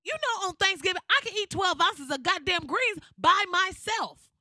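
A woman's voice: extremely high pitch, expressive, normal speed, pushed and bright, no echo, clean studio sound. A woman ranting in exasperated, profane comic style with rhetorical questions. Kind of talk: comedic rant.

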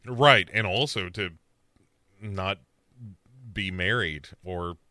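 A man's voice: deep voice, slow pace, sharp tone, dry recording, studio quality. A man co-hosting a podcast, casually recapping a show and acting out quotes in a rambling, playful way. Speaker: podcast co-host.

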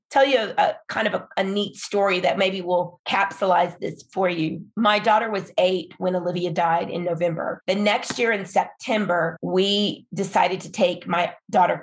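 A woman's voice: medium pitch, fairly even intonation, normal speed, few pauses. A middle-aged woman, a pastor's wife, telling her story in an earnest, emphatic, encouraging way on a faith podcast. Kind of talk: faith-based podcast conversation.

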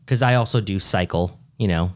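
A man co-hosting a podcast in casual chat, with a dry, joking and drawn-out delivery. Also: sits low. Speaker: podcast co-host.

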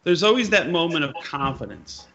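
A man's voice: on the high side, lively intonation, moderate pace. A man interviewing a fellow musician in a chatty way, using musician slang. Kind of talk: casual conversational interview. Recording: dull lo-fi sound with faint noise.

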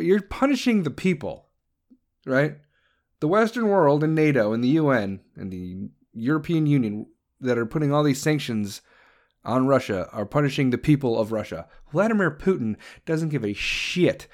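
A man's voice: mid-range voice, animated, moderate pace, a little mellow. A man hosting a profane political rant, crude, heated and sarcastic. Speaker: commentator host.

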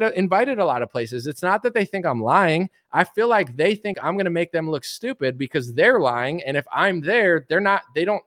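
A man streaming an opinionated political monologue, emphatic and mocking, acting out other people's replies in quick asides. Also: high voice, fairly bright tone, dry recording, clean studio sound.

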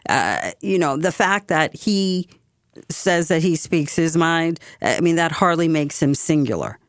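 A woman's voice: low-pitched, clean tone, no echo, studio quality. A woman giving blunt, opinionated commentary on local politics, with lots of fillers.

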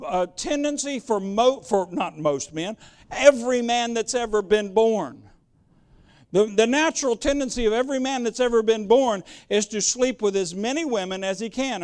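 High-pitched guy preaching, blunt and forceful, keeps repeating words mid-thought. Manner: emphatic, repeats words when searching; plain-spoken, direct. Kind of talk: sermon.

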